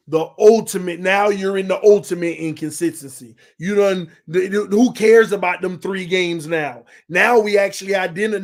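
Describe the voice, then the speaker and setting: High-voiced guy hosting a fan football show, loud and animated. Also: creaky. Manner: animated, swings between shouting and laughing. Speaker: sports channel host. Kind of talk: casual fan commentary livestream.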